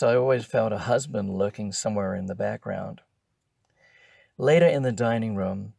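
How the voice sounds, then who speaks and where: An older man reading his own memoir aloud in a measured, wry first-person storytelling manner. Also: fairly low pitch, gravelly, darkish tone, dry recording, studio quality. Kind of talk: audiobook narration.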